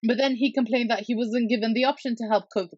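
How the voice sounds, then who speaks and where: A woman, a mother and podcast guest, chatting casually and telling stories with lively acted-out quotes and the odd swear word. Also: fairly high pitch, fast, slightly rough, no room sound, lo-fi sound. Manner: animated storyteller, swears freely, acts out quotes.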